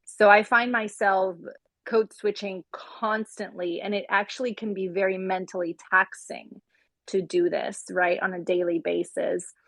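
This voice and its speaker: A woman's voice: medium pitch, little pitch movement, unhurried, dry recording. Heartfelt woman from Puerto Rico, dry sound. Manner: warm, heartfelt thanks. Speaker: life coach, guest. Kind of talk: casual chat. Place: audio chat room.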